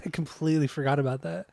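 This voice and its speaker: A man co-hosting a music podcast in casual chat, relaxed and enthusiastic as he talks through the music. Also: a little high, brisk, creaky, dry recording. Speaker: podcast co-host.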